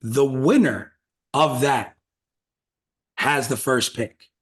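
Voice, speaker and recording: A man's voice: mid-range voice, takes it slowly. Loose, profane man hosting a podcast. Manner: loose, profane, brainstorming out loud. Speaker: podcast host. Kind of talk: casual podcast chat.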